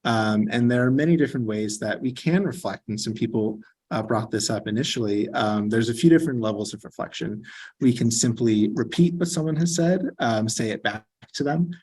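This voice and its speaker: A man's voice: medium pitch, fairly quick, a little mellow, slightly rough. A man giving an earnest online training session as a trainer, explaining with frequent fillers.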